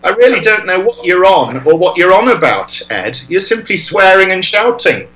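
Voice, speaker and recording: Brief: male radio guest, crisp, bright tone, steady, pushes through heckling in a heated on-air debate. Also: high-pitched, soft background music, rough recording. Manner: measured, insistent, keeps talking over interruptions.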